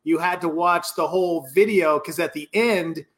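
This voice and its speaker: A man hosting a podcast, telling a short anecdote in relaxed, casual chat. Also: on the high side, normal speed. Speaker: podcast host.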